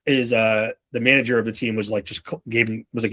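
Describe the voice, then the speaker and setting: A man's voice: on the low side, level tone, fast, few pauses, pushed and bright. A man in his thirties giving a casual, profanity-laced sales training talk, acting out short bits of customers and reps as he goes.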